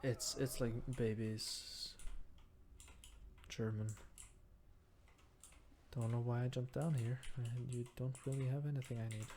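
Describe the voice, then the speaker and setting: Slow-talking Norwegian man gaming. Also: mid-range voice, level tone, darkish tone, a little hiss or hum. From Norway. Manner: mumbling thoughts aloud while playing; musing, self-deprecating. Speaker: gamer. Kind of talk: casual gameplay commentary.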